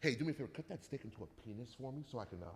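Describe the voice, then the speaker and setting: A man in casual comedic chat, telling animated, profane stories with acted-out quotes. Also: medium pitch, racing. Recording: long hall reverb.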